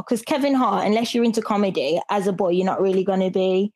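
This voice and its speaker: A woman's voice: medium pitch, brisk, a little mellow. A woman co-hosting a casual interview, building her questions thoughtfully with fillers. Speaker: podcast co-host.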